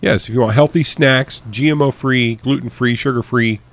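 A man's voice: medium pitch, normal speed, gravelly. A man hosting a casual poetry show, who jokes and laughs often while thanking sponsors. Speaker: host. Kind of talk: casual podcast banter.

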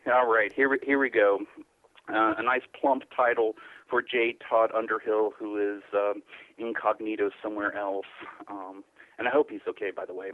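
A man, a guest poet, chatting haltingly and repeating words, then reading his poem aloud. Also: on the low side, level tone, no echo. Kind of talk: casual chat and poetry reading. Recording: tinny phone line.

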